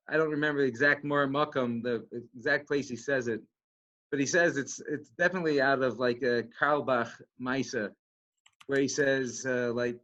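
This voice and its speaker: A rabbi speaking in a casual, halting way with many restarts and fillers. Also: male voice, medium pitch, a bit bright. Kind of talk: casual talk. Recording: dull lo-fi sound.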